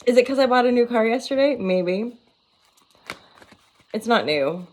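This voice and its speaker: A woman's voice: fairly high pitch, unhurried, pauses often, a little mellow. A woman in her forties, a tarot reader, rambling playfully in a casual vlog, giggling and swearing freely. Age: 40s.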